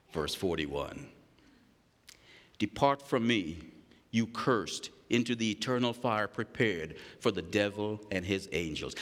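A pastor preaches a sermon in a large hall, reading scripture aloud and acting out the voices of the story's characters with lively, animated delivery. His voice is high-pitched.

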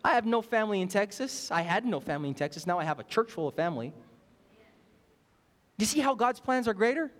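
A man's voice: high-pitched, animated, fast. A young man preaching a sermon as pastor, emphatic and repeating phrases, asking the congregation questions. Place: church sanctuary. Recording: hall reverb.

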